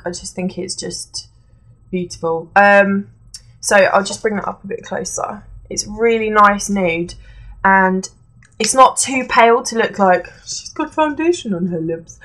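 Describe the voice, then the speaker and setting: A woman's voice: medium pitch, a bit bright. Young woman, beauty vlogger, rambling chat with lots of ums, recorded at home. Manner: chatty, rambling, many fillers and self-corrections. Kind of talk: casual product review chat. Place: indoors at home, seated on a creaky chair.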